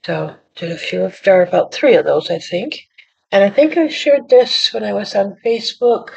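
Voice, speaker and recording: A woman's voice: mid-range voice, lively intonation, moderate pace, creaky, a little hiss or hum. A woman hosting her own card-making channel, chatting casually as she shows her work, rambling and apologizing and playing down her own skill. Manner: rambling, self-deprecating, apologetic. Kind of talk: casual show-and-tell chat. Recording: dull lo-fi audio.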